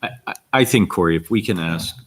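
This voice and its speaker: Deep-voiced, halting board member. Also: male voice, slightly rough. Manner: halting, repeats words as he starts. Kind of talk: discussion at a public meeting.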